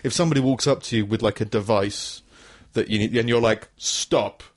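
Husky-voiced man in a rambling comedy chat. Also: on the low side, steady tone, fast talker. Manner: rambling, laughs often, swears. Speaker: podcast co-host.

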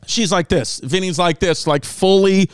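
Brash, foul-mouthed comedian, fairly high-voiced. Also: male voice, a little slow, clean tone, no room sound. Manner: loud, brash, swears a lot, animated voices for others. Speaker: comedian podcast host. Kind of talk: crude comedic podcast riffing.

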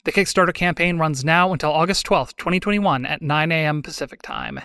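A man's voice: on the high side, a little fast, bright, forceful tone, clear, resonant tone, dry recording. Dry, close-miked man reading announcements. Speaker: podcast host reading announcements. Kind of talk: read announcements.

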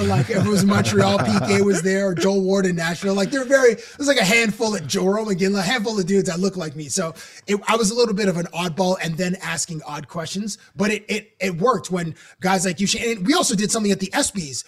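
A man's voice: sits high, fast. A man, a sports reporter, recalling his early days in a rambling, casual way full of fillers. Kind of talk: casual podcast chat.

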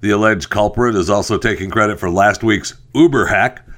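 Low-voiced man hosting casual talk. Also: brisk, a bit bright. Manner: chatty, laughs at his own stories. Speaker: talk show host. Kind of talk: casual commentary and news headlines.

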